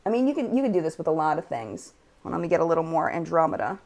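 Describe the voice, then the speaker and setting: A woman's voice: low-pitched, very animated, very fast, vocal fry, darkish tone. Woman, American accent, casual live-stream chat, reads comments aloud, swatches makeup. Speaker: beauty YouTuber hosting a live chat.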